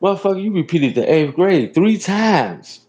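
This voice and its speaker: A man's voice: sits high, big pitch swings, moderate pace, darkish tone, muffled recording. A man from Chicago, a rideshare driver and show host, giving loose, profane ranting commentary from inside a car and repeating "real talk" often.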